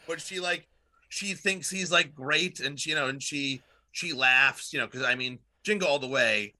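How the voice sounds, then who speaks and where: A man in his thirties with a very bright, forward voice, talking casually and rambling through stories. He fills every pause with fillers and swears freely. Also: a little high. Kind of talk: casual chat.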